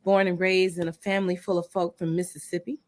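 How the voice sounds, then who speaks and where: A woman from Chicago, a singer-songwriter guest on a radio show, talking in a friendly, relaxed way with many ums. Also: on the low side, a little fast, no room sound. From South Side of Chicago. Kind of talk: casual interview.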